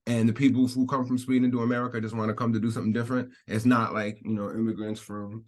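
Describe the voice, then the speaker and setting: A commentary vlogger with a medium-pitched, fairly flat male voice talks fast while reading a news article aloud. He rambles, repeats himself, laughs a lot, and keeps stopping to hedge what he's saying.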